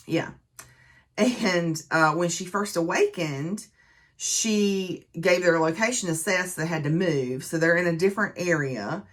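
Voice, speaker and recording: Chatty woman with a lowish voice. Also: measured pace. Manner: chatty, conversational retelling with many fillers. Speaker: book reviewer. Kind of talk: casual book review and recap.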